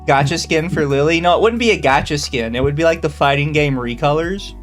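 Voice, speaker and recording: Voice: mid-range voice, fairly quick. Blunt, dry podcast host with music. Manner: blunt, swears, dry asides. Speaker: podcast host reading chat. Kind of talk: casual chat. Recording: soft background music under the talk.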